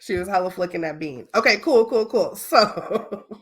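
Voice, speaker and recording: A woman hosting a podcast, telling a story in a casual, animated way, swearing freely and often checking in with her listeners. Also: medium pitch, moderate pace. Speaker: podcast host.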